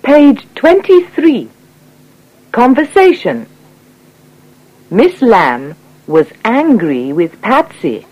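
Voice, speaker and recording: A woman reading an English coursebook unit aloud in clear, scripted narration. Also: a little high, poor audio. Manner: clear, measured reading with lively intonation. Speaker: textbook audio reader.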